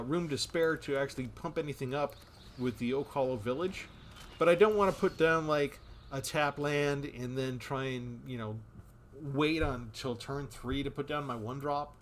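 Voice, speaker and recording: A man's voice: mid-range voice, moderate pace, slight background noise. A man giving casual commentary on a card game he is playing, thinking aloud about his moves.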